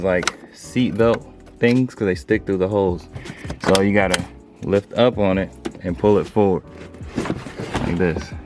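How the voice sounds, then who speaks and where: A man giving a casual, chatty how-to walkthrough for his car channel, talking loosely while he works with his hands and films on a handheld phone. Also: lowish voice. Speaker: car DIY vlogger. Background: music playing.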